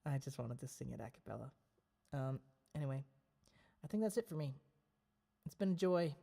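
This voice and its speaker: A man's voice: medium pitch, expressive, moderate pace, vocal fry, warm tone. A man hosting a casual home livestream, chatting playfully in rambling asides between a cappella songs. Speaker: livestream host.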